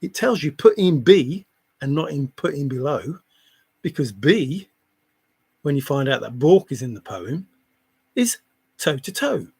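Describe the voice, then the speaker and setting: A man with a husky, slightly breathy voice pitched a bit above the usual for men. He lectures his audience in a monologue, taunting them and circling back to the same questions again and again. The delivery is intense and insistent. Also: very animated, measured pace, pauses often, a little mellow. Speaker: treasure hunt theorist.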